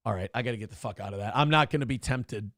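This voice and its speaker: A man's voice: mid-range voice, very fast, a bit bright, dry recording, clean studio sound. A man hosting a live-stream show casually, reading viewer comments aloud and joking crudely. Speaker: host.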